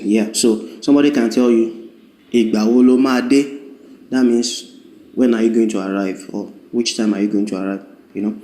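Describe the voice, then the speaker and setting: A man's voice: medium pitch, dark tone. Patient male language teacher, echoey room. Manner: patient, repeats words slowly for the learner. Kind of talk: video lesson.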